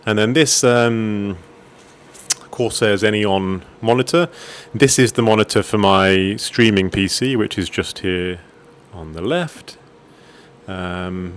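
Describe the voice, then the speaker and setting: A man's voice: lowish voice, steady tone, measured pace, slight background noise. A man casually talking through his gaming and streaming desk at home, rambling a little with fillers and restarts. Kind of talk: casual desk setup tour. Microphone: desk microphone on arm.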